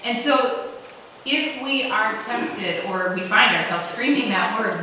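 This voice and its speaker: A woman's voice: mid-range voice, measured pace, sharp tone, slight background noise. A woman pastor giving a conversational, emphatic sermon to her congregation. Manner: conversational, emphatic, quoting imagined questions. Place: church sanctuary. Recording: echoey church from far off.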